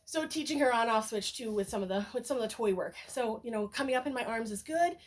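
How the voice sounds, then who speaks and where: A woman dog trainer chatting casually as she demonstrates a game with her puppy, breaking into bright sing-song praise for the dog. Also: a little high, animated, fast talker.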